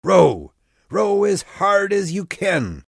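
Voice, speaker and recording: A man voicing a young hero captain who shouts urgent orders to his rowing crew in an audiobook. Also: high voice, big pitch swings, slow, creaky, no room sound, clean studio sound, voice pushed up, heavily acted.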